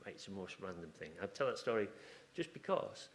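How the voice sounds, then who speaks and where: Rambling, chatty low-voiced man speaker. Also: big pitch swings, fairly quick. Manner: chatty, rambling, self-interrupting with asides and restarts. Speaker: conference speaker. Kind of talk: informal conference talk. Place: conference room.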